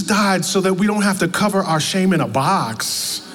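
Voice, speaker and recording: A man's voice: sits high, expressive, normal speed, a bit bright. A man preaching a sermon in a church, emphatic and repeating his words, calling out to the congregation. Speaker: pastor. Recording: long hall reverb, faint ambience.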